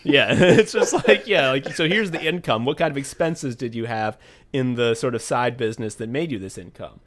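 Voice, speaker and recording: A man co-hosting a podcast in casual comedic chat, reading patron names with deadpan absurd jokes. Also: mid-range voice, normal speed. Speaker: podcast co-host.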